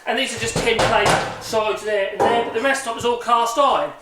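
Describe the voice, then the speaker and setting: A man's voice: very high voice, fairly even intonation, a little fast, far from the mic. Man, casual workshop vlog, chatty, self-correcting, echoey room, noisy background. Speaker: hobby woodworker showing a machine. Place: home workshop.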